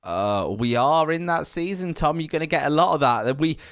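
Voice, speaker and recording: A man co-hosts a golf podcast, trading easygoing banter in casual chat. His voice is fairly high, clear, resonant and fairly bright, with lively intonation at a moderate pace, captured dry in a clean studio.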